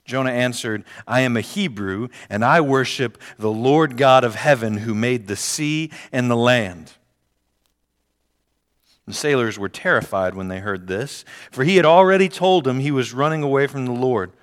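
A man's voice: mid-range voice, normal speed. A man preaching a sermon, reading scripture aloud and repeating key phrases for emphasis. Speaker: pastor. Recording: long hall reverb.

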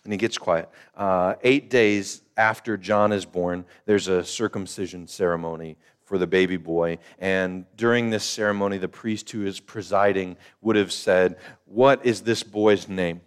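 A man's voice: sits low, steady tone, a little slow, hardly any pauses, clean tone. An older man preaching a sermon as pastor, conversational, repeating phrases and acting out the voices of the people in his story.

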